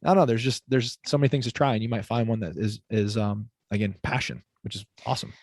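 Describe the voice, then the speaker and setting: A man's voice: on the low side, fast talker, no room sound. Upbeat man, dry close sound. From Illinois. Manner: energetic, enthusiastic, heavy use of "like", laughs often. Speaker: fitness coach, podcast guest. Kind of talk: casual podcast conversation.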